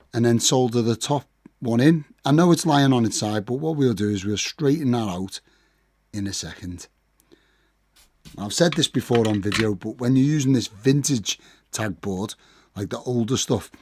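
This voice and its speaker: A croaky man chats his way through a workbench build tutorial, breaking off into wry, self-deprecating asides. He has a mid-range voice, heard close and dry with almost no room sound. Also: mid-range voice, a little mellow, no echo. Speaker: pedal builder. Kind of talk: casual hands-on build tutorial.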